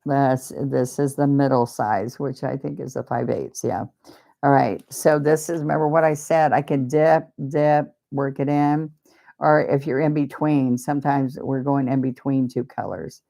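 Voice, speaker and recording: A woman's voice: a bass voice, fairly even intonation, a little slow, vocal fry, warm tone. A woman teaching a live painting demonstration, chatty and rambling, openly emotional and talking about faith. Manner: speaks of faith and blessings.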